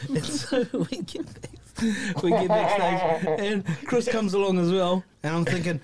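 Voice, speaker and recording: A man's voice: sits high, a little slow. A man with a New Zealand accent, a guest musician telling a tour story in casual chat and acting out the voices of the people in it. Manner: animated anecdote-telling, acts out quoted voices.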